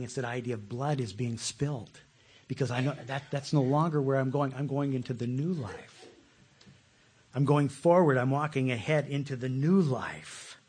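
A pastor, a man preaching a passionate sermon that swings between loud pleas and hushed, soft asides. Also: mid-range voice, breathy edge.

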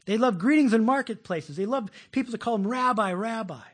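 A middle-aged man preaching a sermon as pastor, folksy and animated, telling jokes and acting out voices. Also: very high voice, quick pace, husky.

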